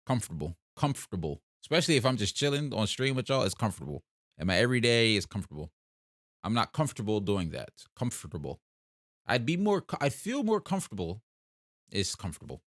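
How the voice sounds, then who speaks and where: A young South Jersey man with a low, deep voice that swings widely in pitch as he chats. He talks in a relaxed, chatty way, like he is reading and answering a live chat. The sound is dry and close, with no room around it. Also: fast talker, no echo. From South Jersey, USA. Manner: laid-back, chatty, answers chat aloud. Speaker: livestream host. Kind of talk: casual live-stream chat reading comments.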